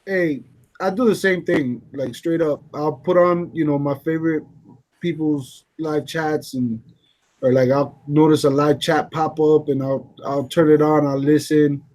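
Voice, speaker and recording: A man's voice: a little high, fairly even intonation, measured pace, darkish tone. A man co-hosting a live stream, chatting casually and talking straight to the viewers in the chat. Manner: playful, addresses the chat directly. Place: lived in Texas.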